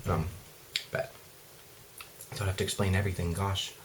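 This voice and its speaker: A man's voice: deep voice, little pitch movement, moderate pace, background noise. A young man chatting casually while eating on camera, rambling and self-mocking, full of fillers and acted-out quotes. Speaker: vlogger. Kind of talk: casual mukbang chat. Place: his room at night.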